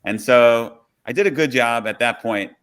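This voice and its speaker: A man who is a police officer, telling a work story on a podcast in a relaxed, conversational way. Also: medium pitch, normal speed, clear, resonant tone.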